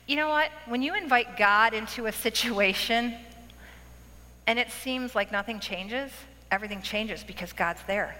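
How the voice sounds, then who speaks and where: A middle-aged woman giving a testimony sermon to women, telling her story with animated, acted-out quotes. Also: fairly high pitch, normal speed, slight background noise. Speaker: speaker at a women's event. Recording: long hall reverb.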